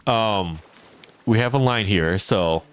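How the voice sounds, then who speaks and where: A man's voice: lowish voice, takes it slowly, clear, resonant tone. A man streaming a farming game, chatting casually with his viewers, answering chat and laughing often. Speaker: teacher. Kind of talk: casual live-stream chat while gaming.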